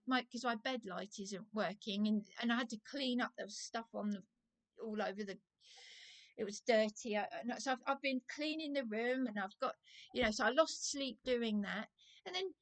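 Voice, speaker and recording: A woman's voice: high-pitched, a bit bright. A woman on a phone call, distressed and rambling, her voice climbing as she gets angry. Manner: distressed, rambling, voice rising into anger. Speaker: caller.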